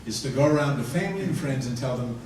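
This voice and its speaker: A man in his sixties, a rabbi doing stand-up comedy, telling jokes dryly with pauses before punchlines. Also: mid-range voice, expressive, a little mellow. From United States. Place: large hall with audience. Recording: echoey hall from far off, room noise.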